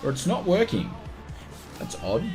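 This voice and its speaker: Upbeat Australian male streamer, pitched high, live chat over quiet music. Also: huge pitch swings, a little slow. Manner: upbeat, chummy, repeats welcomes. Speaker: flight sim streamer.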